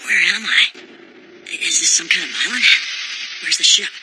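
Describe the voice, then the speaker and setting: A man voicing an earnest young male hero in an anime English dub, steady and encouraging. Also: on the high side, moderate pace, very noisy, natural voice. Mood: bewildered. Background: background score.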